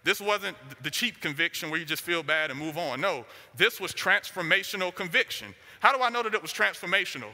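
Emphatic high-voiced male preacher, hall reverb. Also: animated, a little fast, few pauses, pushed and bright. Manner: emphatic, repeats short declarations. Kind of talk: sermon.

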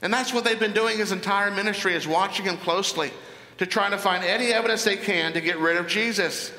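A man preaching a sermon, explaining a Bible passage in a deliberate, emphatic way. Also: sits high, bright, forceful tone. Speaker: pastor. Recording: echoey hall with long reverb.

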